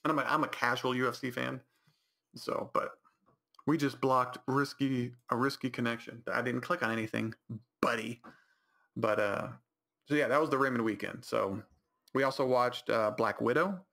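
This California high desert podcast host has a mid-range, bright, forceful voice with vocal fry and fairly even intonation at normal speed. Alone on his casual show, he rambles through stories, constantly restarting and correcting himself.

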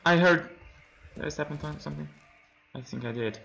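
A man's voice: on the high side, normal speed, vocal fry, pushed and bright, muffled recording. A young man commenting on a horror game as he plays it, nervous, laughing from fright and breaking into yelps and screams. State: hoarse from screaming. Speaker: let's play gamer.

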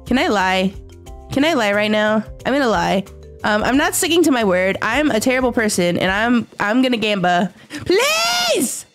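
A young woman streaming a game, chatting casually and excitably with her viewers, often giggling. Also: mid-range voice, normal speed. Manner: excitable, giggly, talks to chat. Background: faint background music.

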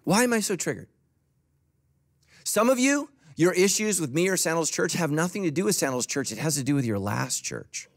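Lively joking male pastor. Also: a little high, normal speed. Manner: conversational, joking, acts out quoted voices. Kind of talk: sermon. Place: church auditorium.

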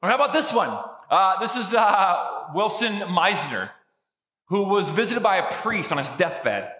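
A man's voice: high-pitched, lively intonation, measured pace, sharp tone. A man pastor giving a sermon in a conversational, joking storytelling way, in a church sanctuary. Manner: conversational, jokey storytelling preacher. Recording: echoey room with long reverb.

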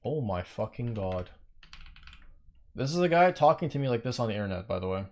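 A young man on a live game stream, venting with blunt profanity. His pitch sits mid-range but jumps sharply up and down, and he goes from muttering to yelling in a heartbeat. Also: big pitch swings, fairly quick. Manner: profane, indignant ranting, bursts into yelling.

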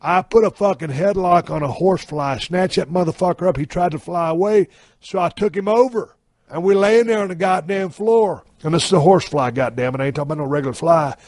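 A brash man spins a profane tall tale on his podcast, leaning hard on his drawled emphasis. His voice sits fairly high for a man and sounds close and dry, with no room around it. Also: brisk, darkish tone, dry recording. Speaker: podcast host. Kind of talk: profane comic storytelling. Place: camper trailer.

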